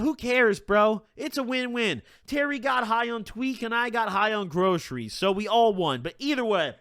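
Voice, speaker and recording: A man telling a funny story on stream, animated and profane, with plenty of exaggerated emphasis. His voice sits high and bounces all over, and it has a bright, forward edge. The sound is close and dry. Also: no echo. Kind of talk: comedic storytime.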